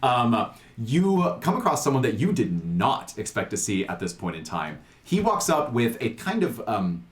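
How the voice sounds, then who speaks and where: A man running a tabletop game over a video call, chatty and animated, his pitch rising and falling a lot. He repeats words and uses fillers, and the call audio sounds echoey. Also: normal speed. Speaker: game master.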